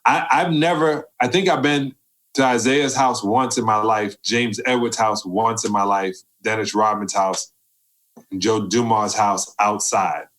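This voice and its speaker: At a measured pace, a man in his fifties recounts his basketball career as a podcast guest. He's a lively storyteller who imitates those he quotes, his pitch jumping widely.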